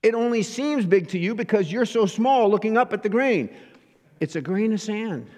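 A man's voice: sits high, animated, normal speed, darkish tone. A man preaching a sermon, teaching earnestly and asking rhetorical questions. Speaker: pastor. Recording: reverberant hall.

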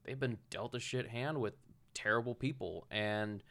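A man who is a musician and stage manager, talking casually in a rambling, halting way with many restarts. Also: medium pitch, sharp tone. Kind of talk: casual chat.

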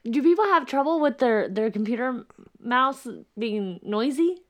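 A woman's voice: high-pitched, animated, moderate pace. A woman co-hosting a podcast in casual chat, making teasing, dry remarks. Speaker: podcast co-host.

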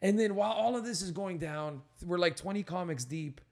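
A young man with a slightly high voice tells a backstage story in a loose, profane way. He is a stand-up comic on his own show, and he keeps breaking into loud acted-out quotes. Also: a little fast, gravelly. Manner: animated, swearing, acts out voices with shouts. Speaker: stand-up comic and podcast host. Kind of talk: casual storytelling chat.

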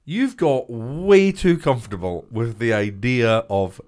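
A man's voice: medium pitch, expressive, a little mellow. A young man co-hosting a podcast, teasing his friend with plenty of swearing. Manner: teasing, sweary, quick to laugh. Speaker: podcast co-host. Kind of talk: casual chat.

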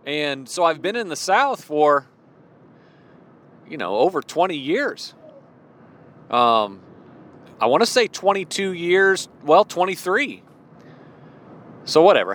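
A man in his forties from Illinois with a slight Midwestern accent, talking casually from his car about faith, chatty and expressive, restarting sentences and chuckling. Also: fairly high pitch. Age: 40s. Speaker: Christian vlogger. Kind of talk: casual devotional talk while driving.

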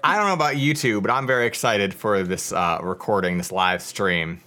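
A man's voice: fairly low pitch, moderate pace, a little hiss or hum. A man co-hosting a podcast, rambling casually and swearing often. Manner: swears a lot, rambling, animated. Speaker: podcast co-host. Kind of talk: casual chat.

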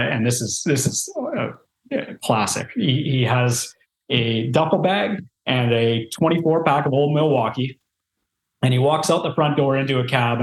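A man telling a story in a casual interview, rambling with many fillers and restarts. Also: mid-range voice. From Canada. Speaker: real estate investor guest. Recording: roomy echo.

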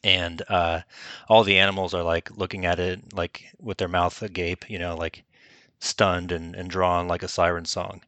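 A man's voice: low voice, little pitch movement, moderate pace, a bit bright, no echo, lo-fi sound. A man co-hosting a casual chat, recapping a film in rambling stretches full of fillers. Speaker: podcast co-host.

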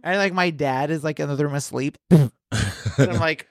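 A man's voice: a little high, normal speed, no room sound, studio quality. Profane, laughing podcast storyteller man. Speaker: podcast co-host. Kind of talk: casual chat.

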